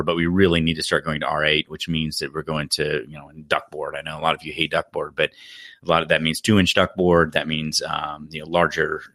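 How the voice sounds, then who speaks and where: A man's voice: extremely low pitch, bright, forceful tone, no echo, clean studio sound. A man who works as an HVAC contractor, talking through technical points on a podcast in a practical, explanatory way and correcting himself as he goes.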